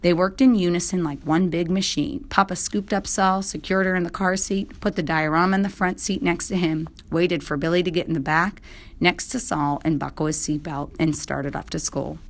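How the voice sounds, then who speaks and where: A woman reading a children's story aloud in a steady, clear manner. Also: on the low side, moderate pace. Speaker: narrator.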